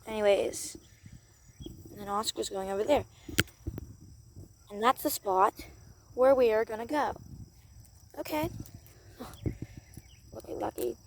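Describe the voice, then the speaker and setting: A woman narrating a playful doll role-play in an excitable voice, gasping and exclaiming as she goes. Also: medium pitch, a little slow, long pauses, slight background noise.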